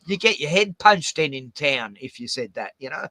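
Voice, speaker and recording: This Australian man talks in a bright, tense voice that sits a little high for a man. He tells rambling, profane stories with lots of swearing and animated outbursts. The recording is dry and close. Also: moderate pace, no echo. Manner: swears heavily, animated rants. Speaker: host. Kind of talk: profane casual storytelling.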